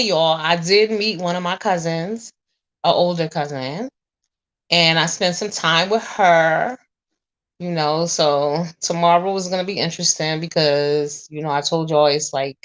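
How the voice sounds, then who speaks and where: A woman in her forties chatting to viewers, telling a story in a blunt, animated, profane way. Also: deep voice. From US Northeast. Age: 40s. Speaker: vlogger.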